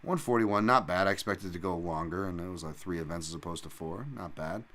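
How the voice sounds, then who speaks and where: Profane, rambling man with a low voice. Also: fairly quick, fairly bright tone. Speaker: podcast host and fight analyst. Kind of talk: casual solo podcast talk.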